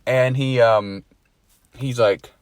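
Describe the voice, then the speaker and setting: A man's voice: medium pitch, fairly even intonation, takes it slowly, smooth. Swearing man telling a wild story. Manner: swears a lot, laughs at his own story. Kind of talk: casual storytelling among friends.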